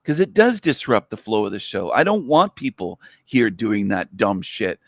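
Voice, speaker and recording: A man's voice: fairly low pitch, big pitch swings, normal speed, dry recording. Man, livestream host, angry profane rant, scolding viewers, dry close sound.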